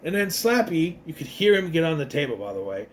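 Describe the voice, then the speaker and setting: Rambling man with a lively voice. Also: fairly high pitch, slight background noise. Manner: rambling, restarts a lot, acts out lines in quick voices. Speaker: youtuber recapping an episode. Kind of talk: casual spoken recap.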